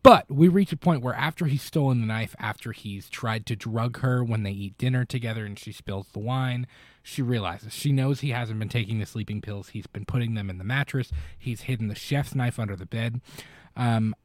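A man's voice: mid-range voice, normal speed, no room sound. A man co-hosting a podcast, retelling a film in a casual, rambling way with lots of fillers and restarts. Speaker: podcast co-host. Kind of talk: casual chat recapping a film.

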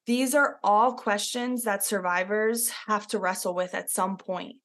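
A woman talking in a casual podcast about mindset. Her voice sits at a middle pitch, and she sounds earnest and encouraging as she draws on her own experience. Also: fairly even intonation, measured pace, fairly bright tone. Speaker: podcast host.

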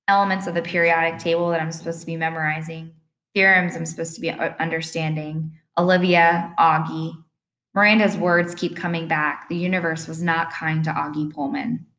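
A woman narrating an audiobook in the first person, expressive and reflective. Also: on the low side.

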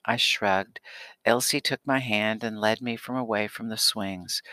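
A man reading a children's novel aloud in a steady, expressive voice. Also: fairly low pitch, measured pace, no room sound. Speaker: audiobook narrator. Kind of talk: scripted audiobook narration.

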